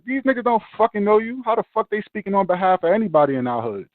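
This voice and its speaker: A man ranting profanely in casual chat, animated and forceful. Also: high voice, quick pace, few pauses, no echo. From Brooklyn, New York. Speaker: podcast host. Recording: dry tinny phone-like sound.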